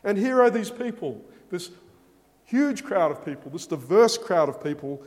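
A man's voice: high voice, very animated, moderate pace, a little mellow. A man preaching a sermon, speaking emphatically and asking rhetorical questions. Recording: long hall reverb.

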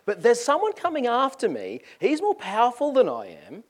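A man voicing a fiery, blunt male prophet who rants loudly and emphatically. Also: fairly high pitch, big pitch swings, measured pace. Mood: emphatic.

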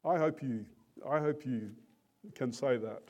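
A man preaching a sermon in an earnest, deliberate and emphatic manner. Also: mid-range voice, darkish tone.

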